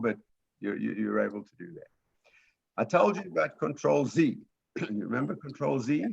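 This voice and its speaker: A man's voice: medium pitch, gravelly, lo-fi sound. A man teaching a beginners' computer class, explaining step by step patiently and often checking in with "right?".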